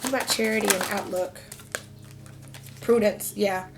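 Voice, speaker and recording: A woman's voice: medium pitch, fairly even intonation, unhurried, very noisy. A woman in her thirties giving a casual tarot reading, talking frankly and chatting with lots of fillers. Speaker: tarot reader.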